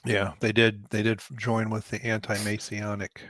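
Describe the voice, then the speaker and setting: A man as a guest on a casual political chat, agreeable, piecing together history haltingly. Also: fairly low pitch, little pitch movement, a bit bright, no room sound.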